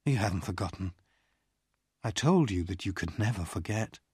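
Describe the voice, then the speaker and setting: Reader doing a knowing old flame, about thirty, husky and slow, dry booth sound. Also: mid-range voice, wildly swooping pitch, dry recording, voice pushed up. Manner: playful, knowing. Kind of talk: audiobook character reading.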